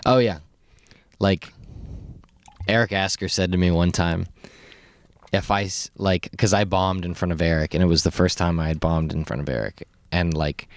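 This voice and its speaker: Deep-voiced guy ribbing his cohost, jokey interruptions, dry sound. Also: fairly even intonation, normal speed, pauses often, dry recording. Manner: teasing, quips and laughs. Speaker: podcast co-host, comedian. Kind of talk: casual chat.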